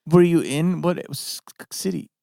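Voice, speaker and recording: A man's voice: fairly high pitch, normal speed, creaky, dry recording, studio quality. A man in his forties, a comedian guest telling stories in a casual podcast chat, profane and joking. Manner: animated storyteller, profane, jokes and laughs often.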